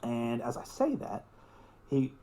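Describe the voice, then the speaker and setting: Excitable young man, swearing and laughing. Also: medium pitch, takes it slowly. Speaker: podcast guest. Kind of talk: casual storytelling.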